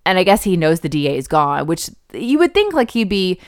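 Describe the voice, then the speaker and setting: A woman's voice: fairly low pitch, brisk, no room sound, studio quality. A woman in casual chat, retelling a film scene by scene with lots of fillers. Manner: chatty, animated retelling with acted quotes and laughs. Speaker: podcast co-host discussing a film.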